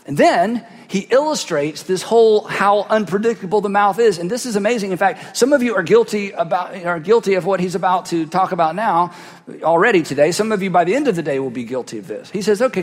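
Man, pastor, sermon, high voice, dramatic loud-to-hushed delivery, long church reverb. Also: expressive, moderate pace. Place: large church hall. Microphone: cheek-worn headset mic.

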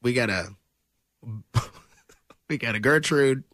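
A man's voice: mid-range voice, slow, a bit bright, no room sound. A man co-hosting a morning radio show from a studio, with teasing, playful banter. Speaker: radio co-host.

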